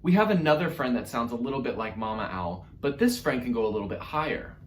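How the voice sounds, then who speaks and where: A man's voice: medium pitch, lively intonation, quick pace, reverberant, a little hiss or hum. A man teaching an online music lesson to children in a playful, encouraging way.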